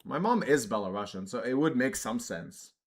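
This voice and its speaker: A poker streamer chatting casually on a live stream, thinking out loud and joking at his own expense. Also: mid-range voice, expressive, normal speed. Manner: chatty, self-mocking, thinks out loud with restarts.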